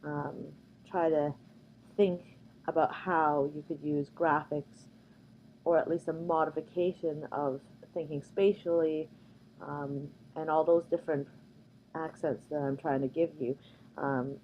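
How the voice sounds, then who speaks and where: Canadian woman lecturer, very low voice, casual filler-heavy delivery, faint room hiss. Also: steady tone, measured pace, dull audio. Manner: conversational, many ums and uhs. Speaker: workshop presenter. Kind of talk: recorded slide lecture.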